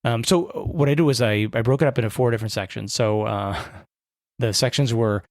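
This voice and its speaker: A man's voice: medium pitch, fairly quick, a little mellow, no room sound, studio quality. A man co-hosting a podcast in casual chat, rambling and correcting himself with a wry humor. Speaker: podcast co-host.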